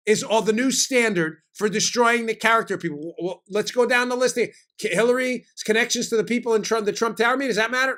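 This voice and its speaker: A man hosting a political talk show, giving rapid, sarcastic commentary and asking mock questions he answers himself. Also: very high voice. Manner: rapid, sarcastic, jokey and animated.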